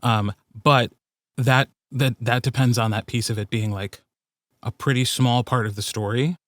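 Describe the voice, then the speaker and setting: A male podcast host speaks in a measured, slightly hesitant way. His voice is mid-pitched and sounds close and dry, with no room echo. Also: steady tone. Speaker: podcast host, audiobook narrator. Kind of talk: casual podcast discussion.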